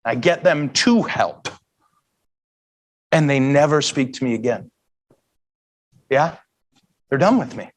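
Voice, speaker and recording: A priest giving a heartfelt talk to an audience, earnest and emotional, with self-mocking humor. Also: male voice, mid-range voice, expressive, takes it slowly, pauses often. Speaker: priest and guest speaker. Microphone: handheld mic.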